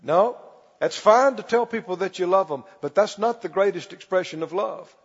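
A man preaching a sermon as pastor, stretching key words slowly and calling for the congregation to respond. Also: sits high, breathy edge. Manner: preaching with call-and-response, slow emphatic stretches. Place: church. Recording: muffled recording in a reverberant church hall.

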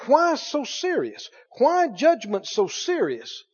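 A man preaching a sermon as pastor, reading scripture aloud with animated delivery. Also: very high voice, slow, breathy edge. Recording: dull sound in a long-reverb hall.

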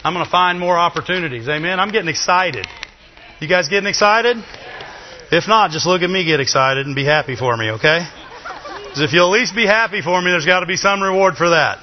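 Chatty preacher in an echoing hall. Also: male voice, sits high, fairly quick, slight background noise. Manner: lively, chatty, with asides and laughs. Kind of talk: sermon. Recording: dull, long reverb of a hall.

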